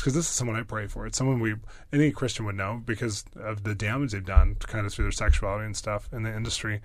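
A pastor being interviewed, telling stories in an excitable way with many fillers and quick bursts. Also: male voice, fairly low pitch, no echo. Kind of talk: animated storytelling.

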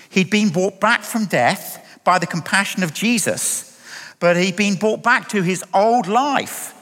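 A man's voice: sits high, expressive, moderate pace, sharp tone. A man preaching a sermon, emphatic and full of rhetorical questions. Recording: long hall reverb.

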